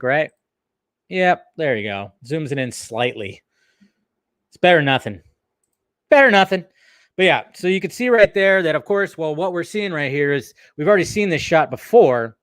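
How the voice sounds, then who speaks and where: A man rambles through a casual live stream, chatting straight to his viewers in a relaxed, unscripted way. His voice sits at a middle pitch. The sound is dry and close, with almost no room echo. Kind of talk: casual livestream chat.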